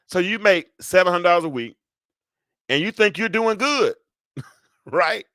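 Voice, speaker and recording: A man in his fifties hosting a live call-in talk show, rambling and animated as he talks back to callers and chat. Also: high voice, a little slow, no room sound, clean studio sound. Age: 50s. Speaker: show host.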